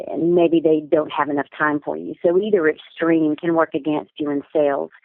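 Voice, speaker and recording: A woman, a business communication coach and interview guest, explains her points in an articulate, measured, instructive way. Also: sits low, fairly even intonation, no room sound. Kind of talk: interview answers. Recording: tinny phone-line sound.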